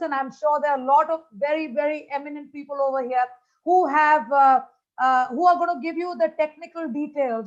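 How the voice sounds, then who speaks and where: A woman giving a motivational keynote over a video call, talking with lots of energy, repeating her greetings and using many fillers. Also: high-pitched. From India. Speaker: motivational speaker. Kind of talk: conference keynote talk. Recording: dull lo-fi video call audio.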